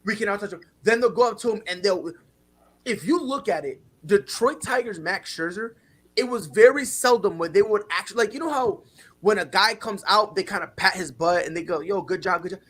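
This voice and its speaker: A husky-voiced man with a fairly high voice hosts a sports talk show. He tells animated stories and jumps into other people's lines as he goes. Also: brisk. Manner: animated storyteller, acts out players' quotes.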